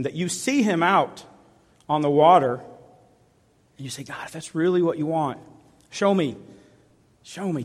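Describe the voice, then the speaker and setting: A male pastor preaching a sermon, sinking to soft intimate tones at times. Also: a little high. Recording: long reverb of a large hall.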